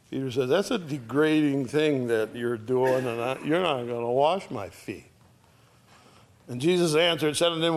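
In a conversational sermon, a man teaches from the Bible, reading scripture aloud and checking in regularly with "all right?" He speaks at medium pitch and a measured pace.

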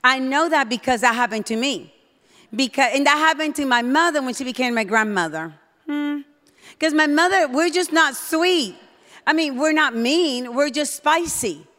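A middle-aged woman preaching a sermon in a church, bold and emphatic, getting loud when excited. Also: high-pitched, moderate pace. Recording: long hall reverb.

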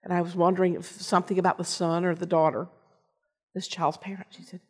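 An older woman giving a personal storytelling sermon, earnest, with pauses and restarts. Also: on the low side, level tone, husky. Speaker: lay preacher and teacher. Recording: long reverb of a large hall.

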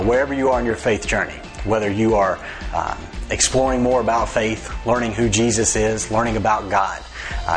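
A man giving a church welcome and announcements before the sermon, speaking prayerfully with a few fillers. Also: on the low side. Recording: soft music behind.

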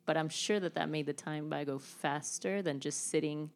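A woman's voice: deep voice, normal speed. A woman co-hosting a podcast in casual chat, laughing often and joking. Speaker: podcast co-host.

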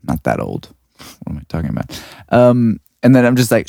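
A man's voice: mid-range voice, very animated, a little fast, vocal fry, a little mellow, no room sound. A young man, a music producer, chatting casually with lots of fillers in a studio. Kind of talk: casual chat. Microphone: studio mic.

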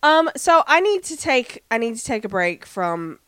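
A chatty woman co-hosting a fan podcast, breezing through an episode recap and jumping into the characters' lines. Her voice is smooth and clean. The recording is dry, with no room sound. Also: fairly high pitch, sing-song, normal speed, a bit bright, no room sound. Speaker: podcast co-host. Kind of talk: casual fan podcast chat.

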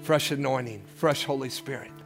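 A man's voice: medium pitch, moderate pace, gravelly, faint music behind. A pastor in his sixties preaching a sermon, moving between folksy storytelling and fervent appeals, with call-outs to the congregation. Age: 60s. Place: church service.

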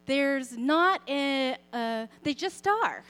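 A young woman giving a personal faith talk, speaking expressively and conversationally, often softening to a quiet, gentle tone. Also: high-pitched, expressive, extremely slow, faint music behind. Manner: conversational, with fillers and self-corrections. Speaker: Christian speaker sharing a parenting story.

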